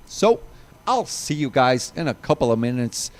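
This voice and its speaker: Animated male kart race commentator. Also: medium pitch, moderate pace. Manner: animated, reads long driver lists, chats to viewers. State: running out of breath.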